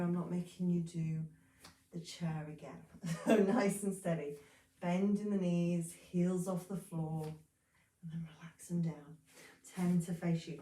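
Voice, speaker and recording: A woman leading a yoga class, calmly calling out poses and breaths step by step with a little humor. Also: on the low side, distant mic. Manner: calm step-by-step cueing, breath counts, light humor. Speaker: yoga instructor. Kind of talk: guided yoga instruction. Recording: roomy, voice a bit off-mic.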